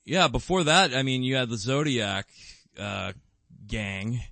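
A man's voice: mid-range voice, lively intonation, unhurried, vocal fry, sharp tone, no echo. A man co-hosting a podcast in casual fan chat, rambling with lots of fillers and restarts, with bursts of enthusiasm. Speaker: podcast co-host.

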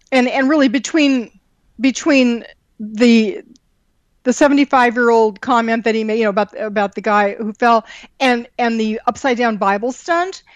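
A woman co-hosting a casual political talk show, reading out tweets and quotes between fillers and restarts. Her voice sits a little high, and the recording is close and dry. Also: no room sound. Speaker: co-host.

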